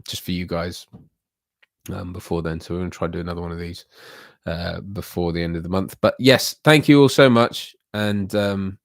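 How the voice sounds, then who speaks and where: A man's voice: sits low, normal speed, no room sound, studio quality. A man hosting a casual livestream, chatting loosely with viewers in a rambling, self-deprecating way. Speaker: livestream host.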